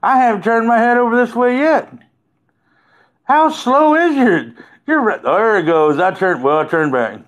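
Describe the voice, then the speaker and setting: A man's voice: very high voice, lively intonation, unhurried. A man hosting a casual livestream from his phone, rambling and chatty and laughing often. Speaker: livestream host.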